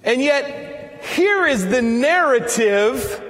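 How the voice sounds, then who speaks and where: Slow-preaching high-voiced man in echoing church. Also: expressive. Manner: slow, emphatic preaching that rises to near-shouts. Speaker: priest. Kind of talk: sermon. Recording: long reverb of a church hall.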